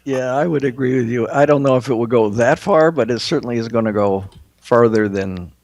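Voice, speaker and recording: A man who is a guest author on a casual political talk show, telling stories with halting restarts. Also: medium pitch, no room sound. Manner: storytelling, lively, halting restarts.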